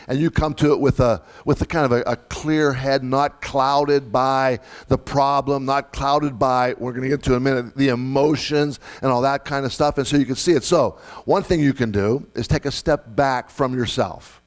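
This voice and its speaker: A man's voice: mid-range voice, normal speed. A middle-aged man delivering a sermon as pastor, conversational, repeating key phrases and putting questions to the congregation.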